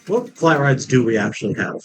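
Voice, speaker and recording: A man's voice: mid-range voice, big pitch swings, a little fast, breathy edge, soft background music, low-quality recording. A man giving casual, rambling commentary while he plays a theme park building game, joking and laughing at his own jokes. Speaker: let's play gamer.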